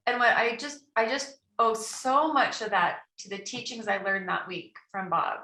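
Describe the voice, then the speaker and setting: A middle-aged woman, a guest entrepreneur, telling a personal story in an interview, animated and quoting her own thoughts aloud. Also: fairly high pitch, unhurried. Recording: echoey room.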